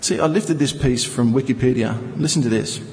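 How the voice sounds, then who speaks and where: A man's voice: mid-range voice, fairly quick, a little mellow, big-room sound, slight background noise, low-quality recording. A male preacher teaching from scripture, reading verses and explaining them with rhetorical questions. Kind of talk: Bible teaching sermon.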